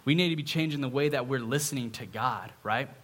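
A man preaching in a relaxed, conversational tone with a middle-pitched voice. He keeps checking in with his listeners as he talks them through a story. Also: fairly quick. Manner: conversational, often adds a questioning "right?". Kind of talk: casual sermon.

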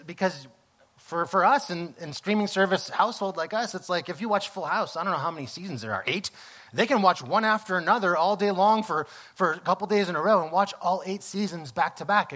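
A middle-aged pastor telling stories in a sermon, acting out exclamations as he speaks. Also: high voice. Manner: storytelling, animated, acts out exclamations.

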